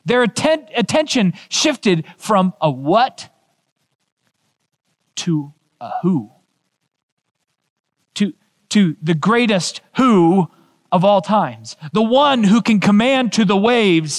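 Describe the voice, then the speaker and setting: A male pastor preaching a sermon, telling a story with emphatic, animated delivery. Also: high voice, slow pace, long pauses.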